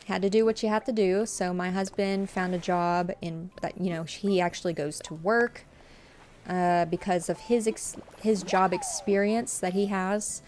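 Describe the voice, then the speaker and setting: A young woman, chatting on her live stream. She is tearful, halting and apologetic, with lots of fillers. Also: on the low side, fairly even intonation, darkish tone, slight background noise. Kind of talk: casual live-stream chat.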